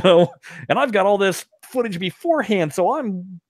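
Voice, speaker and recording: A man co-hosting a podcast, chatting casually and retelling scenes with lively put-on voices. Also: high-pitched, moderate pace, dry recording, studio quality. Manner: animated storyteller, puts on silly voices when retelling scenes. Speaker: podcast co-host. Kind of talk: casual chat.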